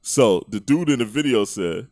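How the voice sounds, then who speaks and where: A man's voice: mid-range voice, expressive, moderate pace, darkish tone. A man co-hosting a podcast, telling stories in casual slang and laughing often. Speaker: podcast co-host. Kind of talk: casual chat.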